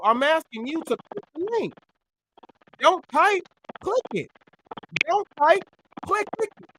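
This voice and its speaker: Male livestream host with a high voice, emphatic and repetitive, challenging his viewers. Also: a bit bright, slight background noise. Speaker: live show host. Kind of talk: heated livestream talk.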